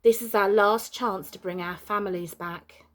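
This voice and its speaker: A woman's voice: medium pitch, steady tone, moderate pace, fairly bright tone, lightly acted. A woman voicing a determined young girl who addresses a group of children in an earnest, firm way. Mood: urgent.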